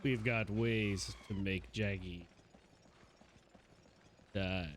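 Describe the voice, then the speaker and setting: A man's voice: on the low side, steady tone, very slow, a little hiss or hum. A man giving live gameplay commentary, playfully chatting to the monsters he fights. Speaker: game streamer. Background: game music.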